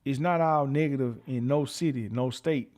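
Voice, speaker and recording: A man's voice: medium pitch, moderate pace, a little mellow. A middle-aged man with a Memphis Southern accent, hosting a livestream, chatting loosely, reading out viewer comments and repeating himself. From Memphis, Tennessee. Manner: loose, rambling, repeats himself, curses freely. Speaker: livestream host.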